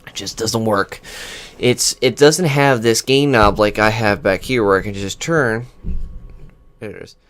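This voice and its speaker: A man's voice: lowish voice, measured pace, fairly bright tone. A man hosting a gaming channel, casually reviewing his new USB desk microphone in his computer room, rambling and restarting sentences as he switches settings. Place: home computer room with whirring fans. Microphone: USB desk microphone, switching pickup patterns.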